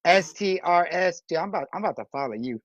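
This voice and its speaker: A slangy, laid-back speaker in a casual group chat. The voice is mid-pitched. It comes through a muffled, dry line. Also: animated, fast, no echo.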